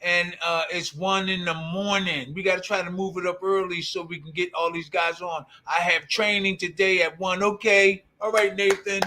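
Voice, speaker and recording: A man's voice: sits high, steady tone, moderate pace, few pauses, pushed and bright. An older man co-hosting a casual live stream, greeting viewers by name in a loose, easygoing way. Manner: loose, reads out and greets chat names. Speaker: co-host.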